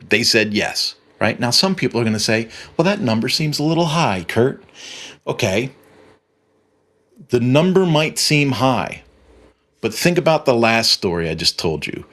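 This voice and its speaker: A man's voice: on the low side, a bit bright. Rambling man telling work stories. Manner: rambling, storytelling with frequent restarts. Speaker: web agency owner and podcast host. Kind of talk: casual monologue.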